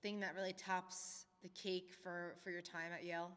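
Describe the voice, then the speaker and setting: A woman in her twenties hosting a casual podcast, agreeable and quick with "yeah" backchannels. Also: on the low side, little pitch movement, a bit bright, smooth, long reverb tail. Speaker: podcast host. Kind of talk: casual chat.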